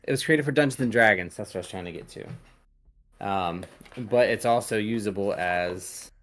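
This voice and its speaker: A man hosting a podcast, casually showing tarot decks in a rambling, hesitant way with many pauses and fillers. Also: lowish voice, a bit bright. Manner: rambling, hesitant, lots of ums. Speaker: podcast host reading tarot. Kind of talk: casual chat.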